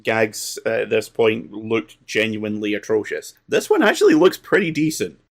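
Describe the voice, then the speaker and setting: A man's voice: fairly low pitch, sing-song, moderate pace, creaky. Wry, sweary podcast co-host, a man. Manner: wry, sarcastic and profane asides, laughs often. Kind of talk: casual chat.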